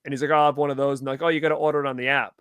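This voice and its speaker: A man in his thirties hosting a casual podcast chat, telling stories with lively acted-out quotes. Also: mid-range voice, rapid-fire, clean tone, dry recording. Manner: animated storytelling, acts out quotes. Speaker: podcast host.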